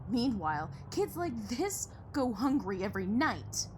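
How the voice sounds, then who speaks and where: A woman playing a blunt, distrustful young woman from a poor neighborhood in an audio drama, sharp-tongued and sarcastic. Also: a little high, big pitch swings, measured pace, noisy background.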